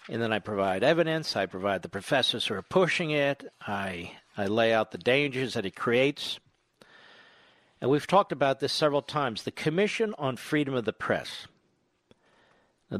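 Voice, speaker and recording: A man's voice: medium pitch, no echo. A man hosting a radio talk show, delivering an opinionated, indignant and sarcastic monologue into a studio microphone.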